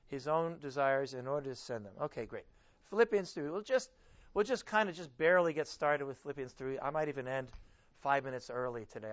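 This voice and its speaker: Male pastor, informal lecture-style sermon, stresses key words, somewhat higher voice, dull lo-fi recording. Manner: informal, self-correcting, reads scripture aloud with emphasis. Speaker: pastor teaching a Bible study. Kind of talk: conversational sermon.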